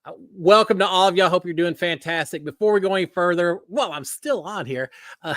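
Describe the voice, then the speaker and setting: A man's voice: high-pitched, brisk, fairly bright tone, no room sound, studio quality. A middle-aged man from Texas with a Texan accent, hosting a live stream in a folksy, friendly way and laughing at himself. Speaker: host.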